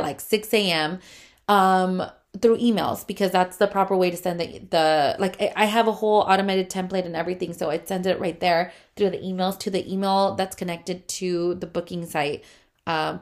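A young adult woman, a photographer, telling a heated, profane storytime rant full of fillers. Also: medium pitch.

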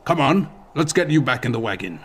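A man voicing a kindly middle-aged ranch owner who talks gently and in a fatherly way, from an audiobook. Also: mid-range voice, big pitch swings, brisk, a little hiss or hum. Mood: gentle concern.

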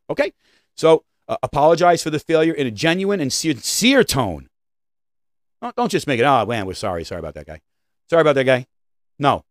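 Emphatic man lecturing on a podcast. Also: dry recording. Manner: emphatic, with frequent "right?" and "okay?" check-ins; swings between loud high stresses and low quiet asides. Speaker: podcaster and retail leadership trainer. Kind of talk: opinionated solo podcast talk.

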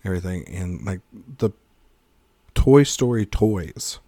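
A man's voice: low voice, expressive, slow, dark tone, no echo. A man co-hosting a casual film podcast, rambling through jokes and tangents, swearing freely and laughing mid-sentence. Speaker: podcast co-host.

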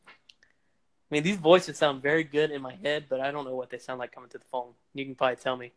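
A man's voice: mid-range voice, level tone, quick pace. A young man hosting a casual podcast, rambling and playful with lots of fillers, recorded on a phone microphone. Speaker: podcast host. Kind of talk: casual chat.

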